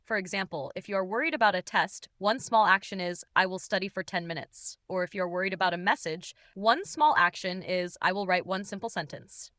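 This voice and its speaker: A woman hosting a beginner English lesson podcast, speaking in slow, simple sentences with a gentle, encouraging and playful manner. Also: mid-range voice, no room sound. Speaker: English teacher and podcast host.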